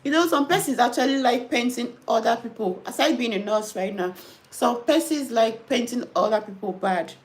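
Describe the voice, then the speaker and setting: Young Nigerian woman, high voice, animated casual storyteller. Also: normal speed. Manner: animated storytelling, mixing in pidgin. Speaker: nurse and host. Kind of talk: casual chat reading comments.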